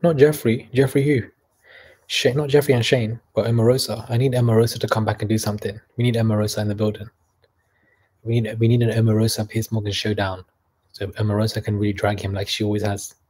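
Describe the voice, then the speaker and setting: A man's voice: lowish voice, flat delivery, fast, a little mellow, breathy edge. A young man from Canada hosting a casual livestream, reading chat messages aloud and mocking people in a chatty way.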